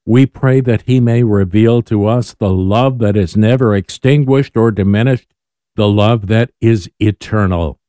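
A man reads a devotional meditation in a calm, measured way. His voice sits a little low and sounds mellow and smooth. The recording is dry and close. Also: no room sound. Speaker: host of a daily devotional podcast. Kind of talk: scripted devotional reading.

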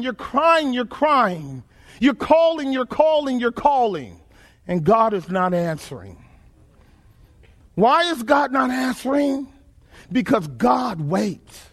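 A man preaching a sermon, emphatic and repetitive, asking his listeners questions and repeating phrases. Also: very high voice.

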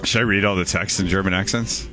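A man's voice: sits low, steady tone, music in the background. A man co-hosting a radio show, chatting casually in a playful, jokey way. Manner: playful, jokey, quick to laugh. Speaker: radio co-host. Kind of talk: casual chat.

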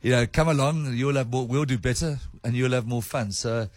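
A man's voice: mid-range voice, brisk, darkish tone, no room sound. A man who coaches rugby, talking candidly in a radio studio, rambling a little and chuckling at his own lines. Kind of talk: casual radio interview.

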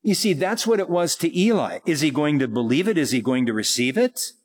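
A man preaching a slow, reflective sermon, reading scripture aloud and explaining it in an informal way. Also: a little high, big pitch swings, husky.

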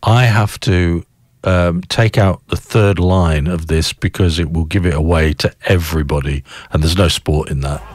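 A man's voice: sits low, fairly even intonation, moderate pace, dry recording, studio quality. A man hosting a breakfast radio show, chatty and enthusiastic, rambling as he reads poems. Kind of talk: casual radio chat and poem reading.

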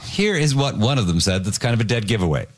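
A man hosting a satirical news quiz, putting questions to the panel in a brisk, wry way. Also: on the low side, lively intonation. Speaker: comedy panel host.

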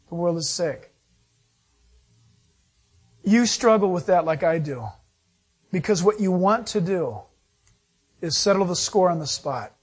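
Animated high-voiced male pastor preaching. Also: a little slow, long pauses, husky. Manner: animated preaching with acted-out dialogue and laughter. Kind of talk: sermon.

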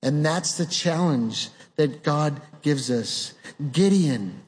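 A man preaching a sermon in an earnest way, asking rhetorical questions and dropping his voice low on key words. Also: lively intonation, slow pace, a little hiss or hum. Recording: long hall reverb.

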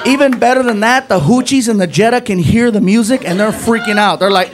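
A male stand-up comedian telling a long story on stage, animated and acting out every character with shifting voices. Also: high-pitched, fairly quick. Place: comedy stage before a live audience. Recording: live show with crowd laughter and noise.

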